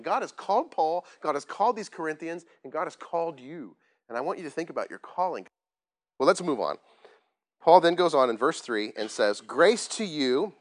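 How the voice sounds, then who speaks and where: A man preaching a sermon as pastor, plain-spoken and self-deprecating, often asking the congregation questions. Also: fairly high pitch. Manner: conversational, asks the congregation questions.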